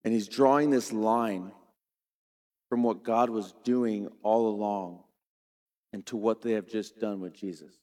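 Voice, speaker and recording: A middle-aged man preaching a sermon, retelling a scripture story dramatically and shifting between quiet and loud. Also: fairly low pitch, a little slow. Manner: dramatic storytelling preacher, varies volume widely. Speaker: pastor.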